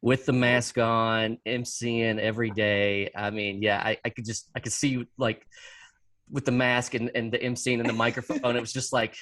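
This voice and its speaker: A man hosting a podcast in a relaxed, casual way, with lots of fillers and repeated words. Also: mid-range voice, moderate pace, no echo. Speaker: podcast host.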